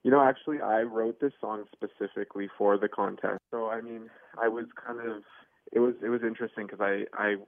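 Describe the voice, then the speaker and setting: A young man chats easily down a tinny phone line, his low voice a little gravelly. He rambles a bit, with plenty of fillers and little laughs. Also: fairly even intonation, a little fast, no echo. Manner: easygoing, chatty, laughs often, many fillers. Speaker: contest winner, guest. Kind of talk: casual phone interview.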